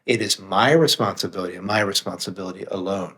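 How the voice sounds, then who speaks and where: A low-voiced man, a meditation teacher and author, talks quickly in a pushed, bright tone as a guest on a candid podcast. He comes across earnest and reflective, dropping the occasional swear word for emphasis.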